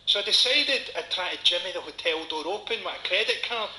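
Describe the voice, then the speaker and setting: A Scottish man in his forties doing a stand-up comedy set, with a dry, sardonic delivery and dark punchlines. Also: high voice, expressive, brisk. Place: comedy venue before a live audience. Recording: echoey venue with audience noise.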